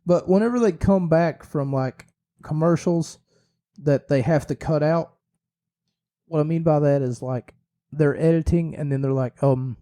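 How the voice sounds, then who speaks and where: Solo podcast host, man, a little hoarse, rambling and jokey; mellow, slightly high voice, dry close sound. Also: a little slow, dry recording. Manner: rambling, self-correcting, jokey. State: slightly hoarse, losing his voice.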